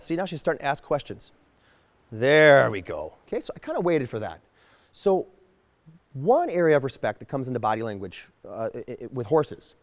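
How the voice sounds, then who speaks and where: A man's voice: on the high side, long reverb tail. A man working as a horse trainer, explaining a training demonstration as he works and voicing what the horse seems to think.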